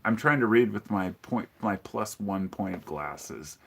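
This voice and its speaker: A man with a lowish, somewhat bright voice, unhurried and animated, with vocal fry and a breathy edge. He's hosting a casual live-stream podcast, rambling and opinionated as he greets viewers and responds to chat, full of ums and restarts.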